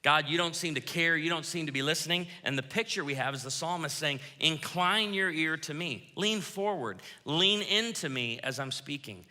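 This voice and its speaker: Bright-voiced pastor preaching in a hall. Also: male voice, fairly high pitch, moderate pace, few pauses. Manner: lively, acts out quoted lines. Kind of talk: sermon. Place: church auditorium. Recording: reverberant church hall.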